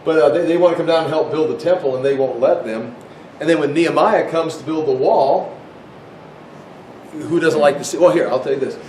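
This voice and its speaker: Far from the mic, a Bible teacher talks a little fast in a slightly mellow voice during an informal Bible history lecture. He's conversational, restarts often, and acts out quoted voices, with echo and a faint rumble in the room.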